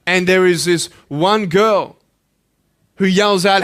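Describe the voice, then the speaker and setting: A man in his thirties with an Australian accent, giving an impassioned motivational speech at a school assembly. He swings between loud pleading and hushed intensity. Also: high voice, lively intonation, moderate pace. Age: 30s. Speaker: motivational speaker.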